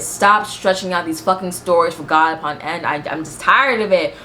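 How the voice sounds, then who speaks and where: A woman's voice: lowish voice, moderate pace, few pauses, pushed and bright, slight background noise. A woman vlogger giving a blunt, profane, sassy recap of a reality show in casual chat.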